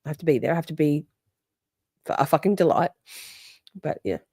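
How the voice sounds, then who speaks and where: A woman's voice: deep voice, animated, a little fast, mellow, slightly rough, no echo, clean studio sound. A woman hosting a casual livestream, reading out chat in a playful way and swearing freely.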